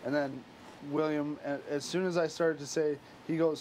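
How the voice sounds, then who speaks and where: A man in casual group chat, telling a story with excitement and acting out quotes. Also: fairly high pitch, normal speed, a little hiss or hum. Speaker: reality game contestant.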